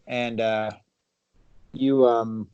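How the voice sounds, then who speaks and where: A man narrating a tabletop horror game as game master, halting and chuckling between his lines. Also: mid-range voice, level tone, dull audio, noisy background.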